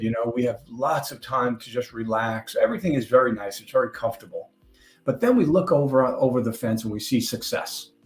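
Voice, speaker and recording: A man's voice: mid-range voice, darkish tone. An older man with a New York accent giving a conversational conference talk, slipping in little jokes and asides. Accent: New York (Long Island). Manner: jokey, conversational presenter with asides. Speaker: conference speaker. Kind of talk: presentation talk. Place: conference hall stage. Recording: roomy hall sound.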